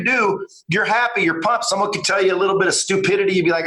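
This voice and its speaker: A fairly high-voiced man with a bright, forceful tone speaks bluntly and swears freely. He tells lively stories in a casual podcast chat. His voice carries a noticeable room echo. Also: fast talker, hardly any pauses. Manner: blunt, profane, animated storytelling. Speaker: podcast guest, entrepreneur.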